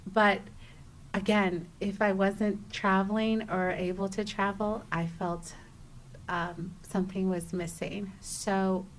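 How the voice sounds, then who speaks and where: Young woman guest, lively storyteller, acts out her own shouts, restarts a lot, mid pitch. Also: slow, slight background noise. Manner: frequent restarts and fillers. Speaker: podcast guest. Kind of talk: casual storytelling interview.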